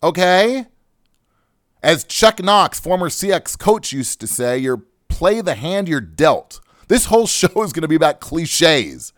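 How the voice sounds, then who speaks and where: A male talk-radio host with a slightly high, very animated voice that swoops up and down as he rants. He is fired up and joking, hammering his points home in a close, dry studio sound. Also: unhurried, no echo. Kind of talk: comic talk-radio rant.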